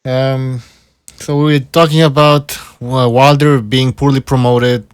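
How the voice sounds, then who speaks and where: A man on a boxing podcast, mid-pitched, wry and exasperated as he swears through his points. The recording is dry, with the mic close. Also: flat delivery, unhurried, clear, resonant tone, no echo. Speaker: podcast co-host. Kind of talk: casual boxing podcast chat.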